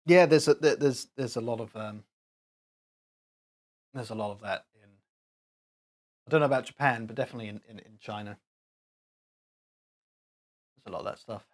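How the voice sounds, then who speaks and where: A man's voice: mid-range voice, moderate pace, long pauses. A man hosting a live stream, chatting casually and rambling with chuckles while he talks to his chat.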